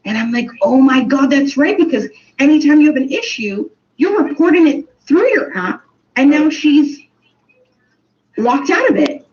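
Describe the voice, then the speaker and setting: A woman, a co-host and teacher, telling animated stories in casual chat and laughing often. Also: sits high, normal speed. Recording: dull lo-fi sound, distant from the mic.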